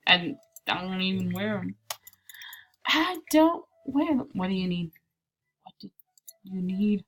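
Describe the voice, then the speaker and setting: A woman's voice: mid-range voice, very animated, slow, pauses often, slight background noise. A slightly sick woman chatting playfully through a casual gameplay commentary, slipping into whispered asides. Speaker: gameplay video creator.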